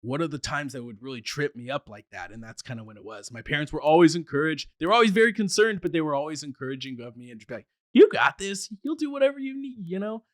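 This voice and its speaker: A man's voice: mid-range voice, expressive, racing, hardly any pauses, dry recording, clean studio sound. A man who stutters, talking eagerly as a podcast guest, with restarts and frequent laughs. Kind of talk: casual chat.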